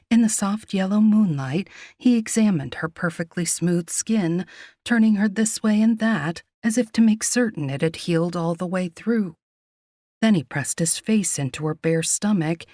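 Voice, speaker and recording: A woman giving scripted, measured narration of a romance audiobook. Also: lowish voice, darkish tone, no room sound, studio quality.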